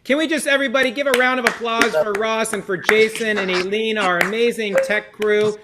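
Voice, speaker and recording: A man's voice: high-pitched, fairly even intonation, a little fast, very noisy. A man leading an online seder, cueing participants in an encouraging, casual way with fillers. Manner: upbeat, encouraging, with frequent fillers. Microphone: video call.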